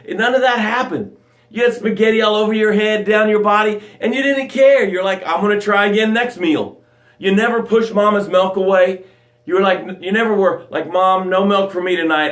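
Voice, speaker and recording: An American man hosting a live motivational show, preaching in a dramatic way that swings from loud bursts to hushed tones. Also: sits high, roomy sound. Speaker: motivational coach and show host.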